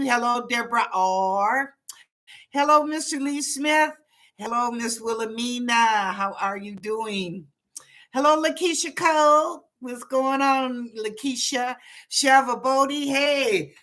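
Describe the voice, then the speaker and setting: Bright-voiced woman hosting psychic readings. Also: high-pitched. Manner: greets viewers by name, chatty and warm-toned. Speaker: psychic reader and show host. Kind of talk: casual live-stream chat and readings.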